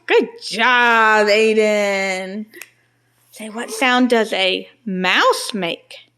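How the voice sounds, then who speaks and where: A woman's voice: mid-range voice, extremely slow, pushed and bright, clean tone. A mother talking to her small children in a home video, using coaxing, sing-song baby talk, asking simple questions and praising every answer.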